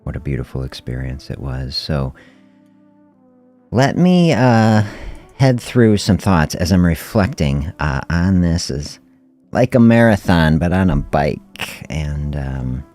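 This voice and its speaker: A middle-aged man hosting a fasting health podcast, telling a story in a relaxed, reflective way and chuckling often during a casual livestream. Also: extremely low pitch, soft background music.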